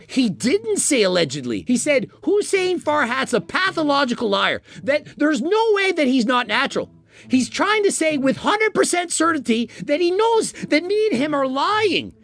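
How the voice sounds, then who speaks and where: A fitness YouTuber, a man, ranting defensively and insistently in a vlog. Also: very high-pitched. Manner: animated, indignant, insistent.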